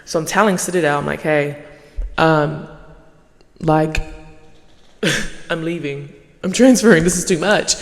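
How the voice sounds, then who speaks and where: A young woman hosting her podcast in a casual monologue, swearing freely and yapping in an animated way. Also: low voice, in a large hall. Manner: profane, animated, fast yapping. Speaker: podcast host.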